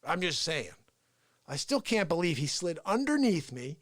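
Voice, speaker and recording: A man hosting a live show, telling an animated story and acting out quotes, dropping into whispers and then shouting. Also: fairly high pitch, moderate pace, dry recording, clean studio sound. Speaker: host of a daily live variety show. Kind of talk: unscripted live-stream monologue. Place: small room with speaker and organ.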